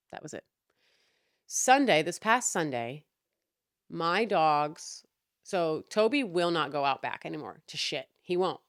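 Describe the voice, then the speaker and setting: A young woman with a fairly low voice vents about her neighbors in a casual, sarcastic rant, swearing freely. The sound is dry and close, with no room around it. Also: dry recording. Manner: exasperated, profane, sarcastic. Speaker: podcast host.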